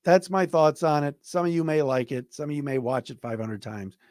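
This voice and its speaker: A man's voice: fairly high pitch, expressive, a little fast, a little mellow, no room sound, clean studio sound. A man hosting a solo sports podcast, giving blunt, emphatic opinions in casual commentary. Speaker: podcast host.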